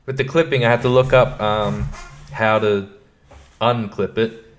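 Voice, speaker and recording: A man's voice: fairly low pitch, steady tone, a little slow, faint music behind. A man hosting a casual solo podcast from his computer at home, rambling, breaking off mid-thought and laughing at himself. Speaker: podcast host. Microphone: computer microphone at his desk.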